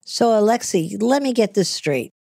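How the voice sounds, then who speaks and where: A woman's voice: medium pitch, expressive, normal speed, creaky, darkish tone, no echo, clean studio sound. A middle-aged woman hosting an advice show, blunt and emphatic as she coaches callers. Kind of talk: business advice talk.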